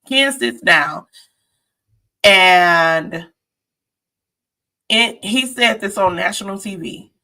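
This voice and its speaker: Gravelly, bright-voiced woman recapping TV. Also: lowish voice. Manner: chatty and sassy, talks straight to viewers. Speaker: reality TV recap host. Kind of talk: casual live-stream recap commentary.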